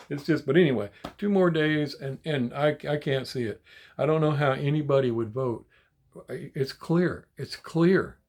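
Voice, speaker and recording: Man, casual talk to viewers, irritated ranting, swears, stumbles over repeated words, fairly high voice. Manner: frustrated, ranting, swears often; repeats words and restarts when worked up. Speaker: die-cast toy collector channel host.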